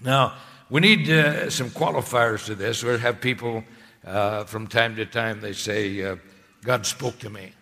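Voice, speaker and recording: A man preaching a sermon in a church, with emphatic, swelling phrases and a steady, conversational delivery between the peaks. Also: fairly low pitch, measured pace, vocal fry. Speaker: pastor. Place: church sanctuary. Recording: long hall reverb.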